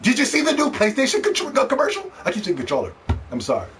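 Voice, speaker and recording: A man's voice: very high voice, wildly swooping pitch, fast, fairly bright tone. A man ranting in a heated, profane, mocking way in vlog commentary about video games. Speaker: gaming commentator. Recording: distant mic with faint background noise.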